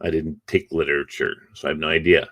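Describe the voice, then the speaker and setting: A man's voice: rumbling low, flat delivery, quick pace, a bit bright, no echo, studio quality. A middle-aged man chatting casually and rambling as he hosts a morning live stream from home; he sounds sleepy and yawns between thoughts. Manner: rambling, chatty, yawning, chuckling asides. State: sleepy, just woke up. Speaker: host of a morning encouragement livestream.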